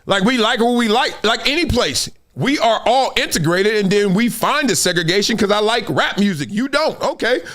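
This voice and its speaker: Middle-aged male host, high lively voice, animated storyteller. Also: moderate pace, few pauses. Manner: animated storytelling, laughing, acts out quotes. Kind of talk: live-stream sports talk.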